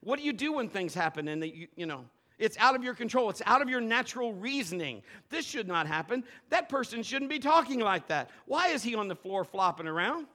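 Male preacher, high bright voice, lively delivery swinging between loud and hushed, church service. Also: brisk, hardly any pauses. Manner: animated, swings from loud exhortation to low asides, playful. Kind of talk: sermon.

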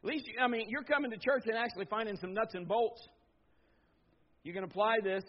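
A middle-aged man preaching a sermon as pastor, swinging from loud emphatic bursts to low, quiet stretches. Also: fairly quick. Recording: slightly dull lo-fi sound.

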